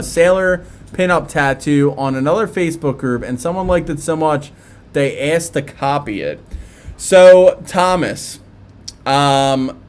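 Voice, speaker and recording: A man with a Philadelphia accent hosting a casual live stream, chatting and reading viewer comments aloud with plenty of fillers. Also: fairly high pitch.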